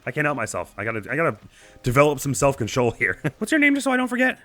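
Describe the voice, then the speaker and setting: A young man with a slightly croaky morning voice, chatting and laughing at himself while playing a video game. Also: mid-range voice, huge pitch swings, rapid-fire, sharp tone. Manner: chatty, giggly, self-deprecating. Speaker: let's play host. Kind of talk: casual game commentary.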